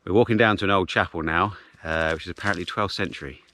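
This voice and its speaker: Out on a gorge hiking trail with his dog, a man vlogs on a handheld camera, chatting casually, full of ums and easily amazed. His voice is low, fast, pushed and bright, with a little hiss or hum in the outdoor recording.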